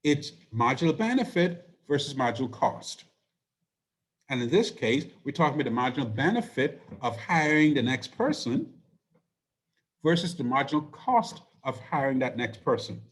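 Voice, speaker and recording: A man teaching an economics class, hoarse and losing his voice, explaining step by step and asking rhetorical questions. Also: medium pitch, animated, normal speed. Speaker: economics instructor. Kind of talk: recorded lecture.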